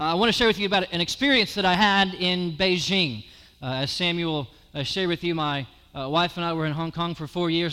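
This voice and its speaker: A man preaching a sermon in a church sanctuary, his voice set high and bright. He tells stories and then lifts into emphatic passages. The sound carries a long hall reverb. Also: clean tone. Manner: storytelling, builds to raised emphatic delivery. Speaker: guest preacher. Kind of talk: sermon with personal story.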